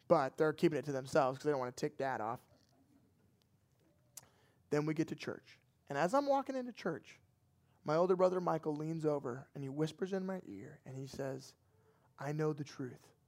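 Animated man telling a story in a sermon. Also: on the high side. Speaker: pastor.

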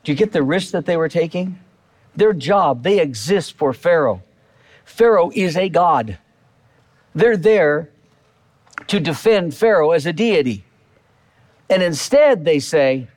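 A man preaches from a church pulpit in a slow, deliberate rhythm, his voice rising and falling with a lot of expression. He speaks in a slightly high register and talks to his listeners like he is chatting with them, circling back to repeat his key lines. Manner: animated, conversational preaching with repeated phrases. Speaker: pastor. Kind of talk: sermon.

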